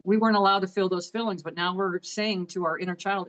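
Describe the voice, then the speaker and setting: A woman's voice: medium pitch, fairly even intonation, fast talker, a bit bright, rough recording. Earnest middle-aged woman co-host. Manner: earnest, heartfelt, listing advice. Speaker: podcast co-host. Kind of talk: casual chat on grief and emotions.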